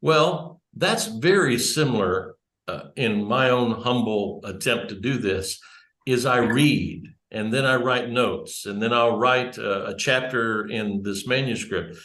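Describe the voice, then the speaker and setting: A man's voice: medium pitch, slow, fairly bright tone. A man giving a conversational church talk, rambling and correcting himself as he goes. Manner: rambling, digressive, self-correcting. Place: church room with small audience. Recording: roomy echo.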